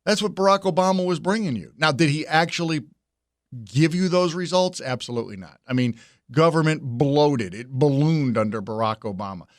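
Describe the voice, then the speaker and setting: A man's voice: on the high side, normal speed, dry recording, studio quality. A man hosting political commentary in a mocking, sarcastic, conversational way.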